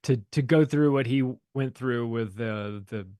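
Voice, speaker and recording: A man's voice: mid-range voice, unhurried, mellow, no echo, clean studio sound. A man guesting on a podcast, telling a long story in a rambling, profane, casual way and acting out the voices of the people in it.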